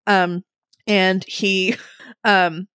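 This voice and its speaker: A young woman telling a funny story in a casual way, animated, laughing often and swearing freely. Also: medium pitch, drawn-out words, smooth, no room sound, clean studio sound.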